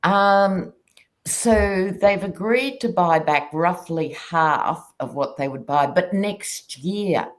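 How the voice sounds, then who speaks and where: A woman's voice: lowish voice, slow. A woman from Australia in a casual political chat on a video call, blunt and mocking.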